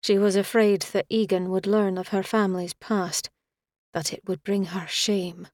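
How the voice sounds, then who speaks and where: A woman narrating a romantic fantasy audiobook in a measured, expressive storytelling manner. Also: medium pitch, no echo, studio quality.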